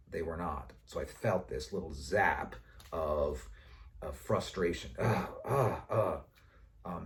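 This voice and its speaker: A middle-aged man telling a story in a talk, lively and acting out voices as he goes. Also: very deep voice, far from the mic, slight background noise. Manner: animated storyteller, acts out voices. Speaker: educator giving a talk.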